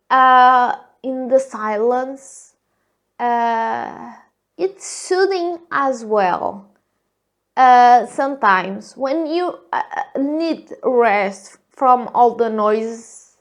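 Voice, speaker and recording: A woman from Portugal with a Portuguese accent, a native Portuguese speaker, hosting a reflective solo podcast in a thin, squeaky, girlish voice and pausing often on hesitant fillers. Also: a bit bright, highs cut off. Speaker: podcast host.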